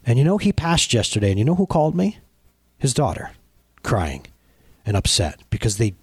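A pastor in his thirties delivers a conversational sermon, sharing a personal story and addressing his congregation directly in an animated, storytelling way. His mid-range voice is husky and moves at a normal pace, captured in a dry recording.

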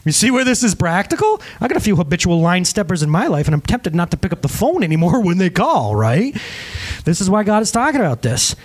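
A middle-aged male pastor delivers a lively sermon with a high voice that swoops all over. He jokes with the room and acts out the people in his stories. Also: quick pace. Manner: animated, joking, acts out quotes. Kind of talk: sermon with storytelling.

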